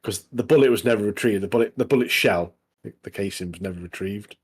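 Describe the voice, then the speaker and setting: Low-voiced man, relaxed co-host. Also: fast talker, husky. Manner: relaxed, with short agreeing replies and chuckles. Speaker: podcast co-host. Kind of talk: casual chat reviewing TV shows.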